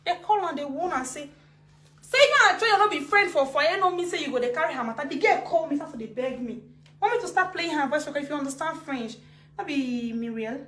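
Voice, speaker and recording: High-voiced, animated Nigerian woman in an echoey room. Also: fast. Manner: emotional, repetitive, animated. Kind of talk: heated live-video rant.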